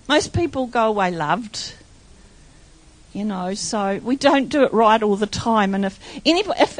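A woman's voice: on the high side, no room sound. An older woman, a pastor telling church stories in a rambling, emotional way. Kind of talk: church testimony.

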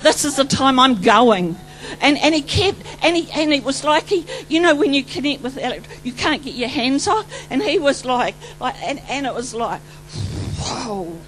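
A New Zealand woman preacher, her voice high, rambles excitedly through a testimony sermon at normal speed, alternating loud exclamations with hushed asides. The audio is poor, and a faint hum runs underneath.

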